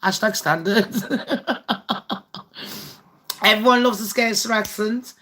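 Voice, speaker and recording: A woman's voice: medium pitch, takes it slowly, long pauses, pushed and bright. A woman hosting a casual live stream, chatty, swearing freely and laughing often. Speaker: livestream host.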